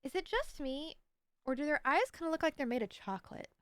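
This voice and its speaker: Woman streamer, casual and playful, bright slightly high voice, dry close mic. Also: very animated, a little fast, no room sound. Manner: rambling, playful, self-mocking. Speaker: livestreamer.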